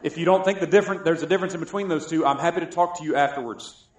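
A man from South Carolina preaching a sermon, joking and swinging between loud and soft. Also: fairly high pitch, very fast. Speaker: pastor. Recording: echoey room.

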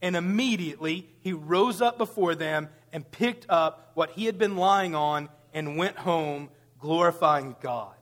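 A man's voice: on the high side, a little slow, few pauses, a bit bright, in a large hall. A man preaching a sermon, building to emphatic rhetorical questions. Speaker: pastor.

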